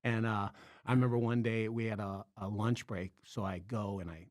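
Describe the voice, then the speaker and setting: A man hosting a podcast, telling a long story in a casual, animated way, acting out quotes and laughing often. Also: fairly low pitch, moderate pace, dry recording, studio quality. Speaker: podcast host, comedian.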